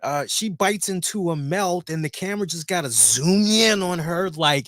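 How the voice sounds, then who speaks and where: A man's voice: sits high, moderate pace, hardly any pauses, no echo. A man co-hosting a talk show, ranting casually with lots of swearing and jokes. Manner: animated, heavy swearing, jokey. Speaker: podcast co-host. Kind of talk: casual profane rant.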